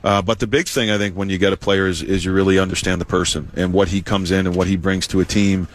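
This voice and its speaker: A man, a hockey head coach, giving measured interview answers with lots of "you know" and "uh". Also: low-pitched, level tone, slight background noise.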